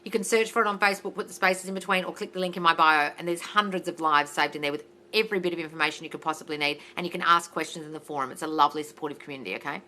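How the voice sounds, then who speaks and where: An Australian woman runs a casual live Q&A as a mindset coach, answering comments bluntly and loudly and swearing freely. Her voice is bright and forceful, with a brisk, no-nonsense delivery. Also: sits low. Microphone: phone livestream.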